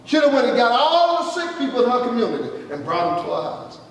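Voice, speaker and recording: Man pastor, high voice, storytelling sermon, acts out dialogue, recorded from far off in a church hall. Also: very animated, quick pace. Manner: storytelling, acting out dialogue, calls out "you listening?". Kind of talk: testimony sermon. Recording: echoey hall from far off, faint noise.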